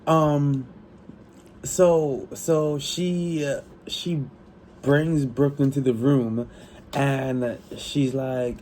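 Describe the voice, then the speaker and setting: A tired man talks through a book he loves in a loose, rambling way, doubling back on himself and swearing freely. His voice is mellow and unhurried, with a faint hum of room ambience behind him. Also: mid-range voice, rough recording. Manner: rambling, excitable, lots of restarts and profanity. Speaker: book vlogger. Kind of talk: casual chat about a book.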